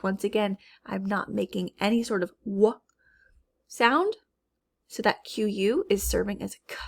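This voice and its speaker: Unhurried female phonics teacher from Minnesota who models each word slowly and carefully. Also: mid-range voice, creaky, husky. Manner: slow, drawn-out word modeling. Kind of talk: phonics lesson.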